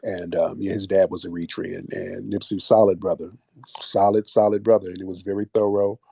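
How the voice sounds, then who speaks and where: A man's voice: deep voice, little pitch movement, brisk, creaky, warm tone, slightly rough, no echo, studio quality. A man hosting a live call-in stream, blunt and skeptical, calling everyone brother.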